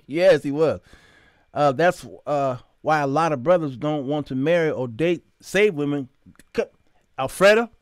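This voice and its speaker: A man hosting a live talk show, telling stories with animated, preacher-like emphasis and greeting viewers by name. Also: on the high side, no echo, clean studio sound. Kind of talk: live talk show monologue with chat shout-outs. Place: studio.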